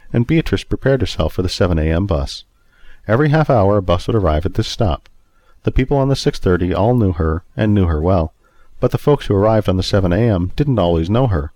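A man reads a story aloud in a steady, even manner. His voice sits low, and the recording is dry and close. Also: dry recording. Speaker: narrator. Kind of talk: storybook narration.

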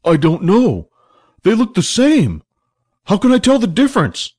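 A man voicing a frantic young hero who yells in a high, strained voice in a storybook reading. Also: huge pitch swings, measured pace, slightly rough, heavily acted. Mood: desperate. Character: young adult male hero, frantic and shouting.

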